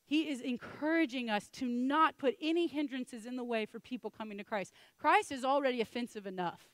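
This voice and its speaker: A woman preaching a sermon in a lively way, often acting out the voices of the people she quotes. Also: high voice, brisk, no room sound. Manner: animated, acts out quoted voices.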